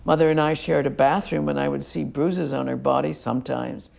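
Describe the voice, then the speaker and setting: An older woman recalling her past in a documentary interview, speaking in a measured, plain way with small pauses. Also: deep voice, fairly even intonation, gravelly, a little mellow.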